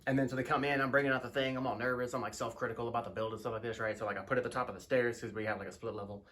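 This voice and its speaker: Male vlog host, quick casual storyteller, rambling slangy delivery. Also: fairly even intonation, a bit bright, a little hiss or hum. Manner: loose, rambling, lots of fillers and slangy asides; acts out quoted people in higher voices. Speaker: woodworking channel host.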